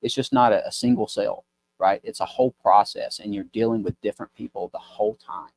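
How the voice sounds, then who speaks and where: A Mississippi business owner, appearing as a podcast guest, tells a rambling, folksy story in casual chat. His fairly low voice is steady, brisk, and creaky, and he mimics the voices of people in his stories.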